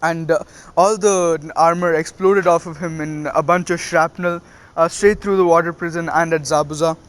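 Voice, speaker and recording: A man casually narrating a fan story, halting with many fillers. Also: on the high side, steady tone, smooth.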